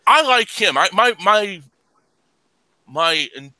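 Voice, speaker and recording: Man, podcast host, profane rants, loud laughter, sharp bright tone, dry close sound. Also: high voice, big pitch swings, slow pace, dry recording, rough recording. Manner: ranting, profane, laughs loudly. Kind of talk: casual profane chat.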